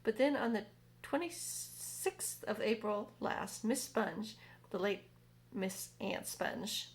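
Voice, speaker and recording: A woman's voice: mid-range voice, takes it slowly, gravelly. Woman doing a prim chatty lady spider. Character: prim gossipy female spider.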